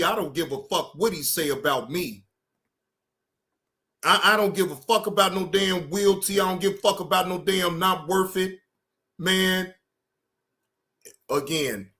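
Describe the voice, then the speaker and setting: A man hosting a livestream, ranting in a heated, profane way and repeatedly telling himself to calm down. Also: high-pitched. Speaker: livestream reaction host.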